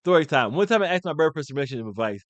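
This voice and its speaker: A man's voice: a little high, big pitch swings, rapid-fire, no room sound, lo-fi sound. A man giving blunt, opinionated commentary in a casual, rambling way, with frequent restarts. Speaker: commentary video host.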